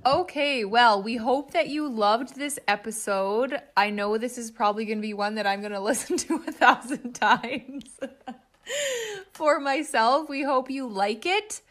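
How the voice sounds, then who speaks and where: A woman's voice: fairly high pitch, lively intonation, a little slow, fairly bright tone. A woman podcast host who laughs between phrases as she talks casually.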